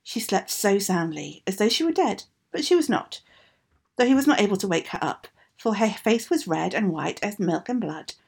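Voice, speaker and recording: Female storyteller, animated delivery, raspy low-edged fairy-tale read. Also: moderate pace. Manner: expressive, sing-song reading.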